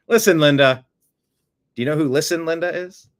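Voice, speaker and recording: Man, political show host, sarcastic, animated, fairly high voice. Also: fast.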